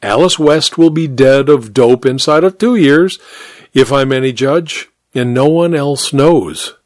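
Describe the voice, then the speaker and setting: A man voicing a genial, easygoing gentleman who talks in a breezy, reassuring way. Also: medium pitch, unhurried, dry recording, studio quality, lightly acted.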